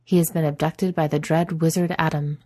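A woman's voice: sits low, flat delivery, brisk, darkish tone, no echo, clean studio sound. A woman voicing a scheming male wizard who puts on a fake sad tone. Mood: falsely sorrowful.

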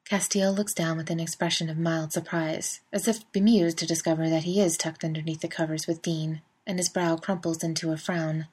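A woman's voice: low voice, little pitch movement, brisk, few pauses, darkish tone, breathy edge. A woman narrating a fan fiction story in a wry, conversational way. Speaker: reader. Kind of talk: fan fiction audiobook reading.

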